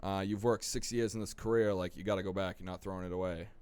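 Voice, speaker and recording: A young man tells his story in a casual, animated way, playing out the voices of the people in it. His voice sits on the low side and comes across smooth and clear. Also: quick pace. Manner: animated, acts out quoted voices. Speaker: podcast guest. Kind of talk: casual storytelling about recovery.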